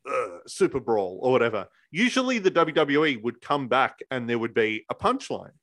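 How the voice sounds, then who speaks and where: A man co-hosting a relaxed podcast conversation, retelling moments and slipping into voices for the people he quotes. His pitch is average and his delivery is easygoing. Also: normal speed. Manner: storytelling, acts out quotes in voices. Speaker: podcast co-host. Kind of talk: casual chat reviewing wrestling.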